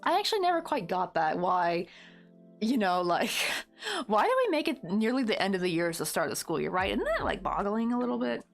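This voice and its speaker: A woman's voice: medium pitch, big pitch swings, a little fast, creaky, faint music behind. A woman chatting casually with viewers while crocheting, rambling along with lots of "like" and frequent laughter. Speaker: crochet livestreamer.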